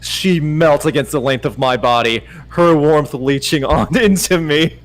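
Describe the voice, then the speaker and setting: A man reads aloud with mock-dramatic flair on a livestream, teasing his host between passages. His voice sits a little high and he bursts into loud urging. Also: a little slow, rough recording. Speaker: guest reader.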